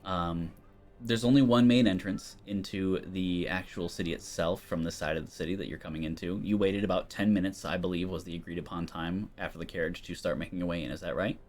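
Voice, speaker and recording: A man narrating as game master of a tabletop game, loose and relaxed with frequent ums. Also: sits low, brisk.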